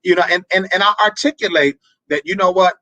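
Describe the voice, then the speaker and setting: A man hosting a marriage advice show, talking in a preacherly way, repeating words and breaking into animated asides. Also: high voice, fast, no room sound, low-quality recording. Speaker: marriage talk show host.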